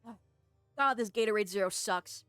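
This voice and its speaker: A woman's voice: mid-range voice, normal speed, a bit bright, no echo, faint music behind. A woman VTuber streamer chatting casually with her viewers, rambling, laughing often and swearing freely. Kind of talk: casual livestream chat.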